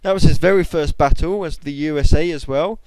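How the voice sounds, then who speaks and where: Young man doing casual gameplay commentary, excitable, smooth tone, dry close sound. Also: brisk, no room sound, poor audio. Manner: excitable, bursts into high shouts. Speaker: gamer.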